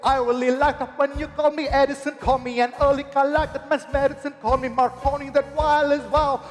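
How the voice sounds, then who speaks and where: A man playing a high-voiced, fussy young professor. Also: level tone, a little fast. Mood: boastful. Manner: theatrical, exaggerated stage delivery. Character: fussy young male professor, theatrical and excitable. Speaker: stage actor. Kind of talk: stage musical singing and acting. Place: theatre stage. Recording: reverberant hall with music.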